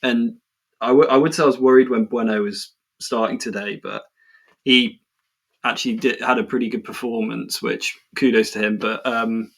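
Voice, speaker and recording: A man co-hosting a football podcast, chatting in a relaxed way and often repeating words as he thinks. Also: medium pitch, moderate pace. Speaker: podcast co-host. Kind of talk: casual football chat.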